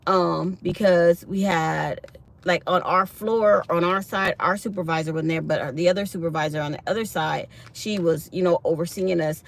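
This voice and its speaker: A middle-aged woman vlogging a casual morning chat from her truck, telling stories in an animated, chatty way. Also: lowish voice, normal speed, vocal fry.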